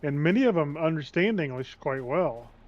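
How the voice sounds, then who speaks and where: A man casually chatting with friends during a game, relaxed and telling little stories. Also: fairly high pitch, moderate pace. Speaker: co-player. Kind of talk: casual gaming chat. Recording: dull lo-fi mic.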